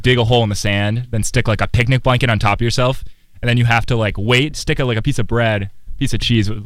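A man's voice: medium pitch, fairly bright tone, dry recording. A young man, a college student, hosting a casual radio chat with friends in a loose, rambling way. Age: young adult. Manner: rambling, playful. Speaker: college radio show host.

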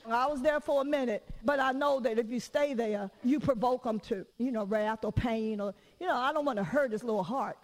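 High-voiced woman preaching with laughter. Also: fairly quick, few pauses, in a large hall, rough recording. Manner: lively, candid, laughing, with rhetorical questions. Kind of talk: conversational sermon.

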